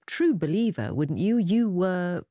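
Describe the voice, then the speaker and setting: A woman interviewer with a very low, mellow voice presses her guest with probing questions. Her delivery is direct and searching. The recording is dry. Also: expressive, measured pace, dry recording.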